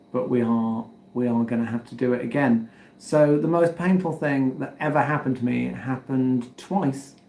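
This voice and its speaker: A man's voice: a little high, creaky, a little mellow. Chatty English man livestreaming from a roomy home studio. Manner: rambling, self-deprecating, chatty with viewer comments. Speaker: musician livestreaming to viewers. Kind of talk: casual livestream chat. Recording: roomy echoey home recording.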